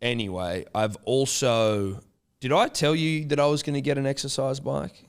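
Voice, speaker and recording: A man co-hosting a podcast, telling a story in a loose, animated and sweary casual chat. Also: medium pitch, normal speed, clear, resonant tone. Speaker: podcast co-host.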